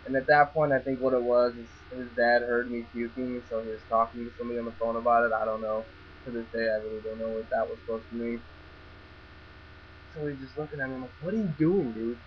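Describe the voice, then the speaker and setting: A man's voice: mid-range voice, level tone, fast talker. Young guy telling a story, lots of stammering and cussing, kinda muffled lo-fi audio. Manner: rambling, stammers and restarts, swears freely. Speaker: vlogger. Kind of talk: casual storytelling. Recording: dull lo-fi recording with faint mains hum.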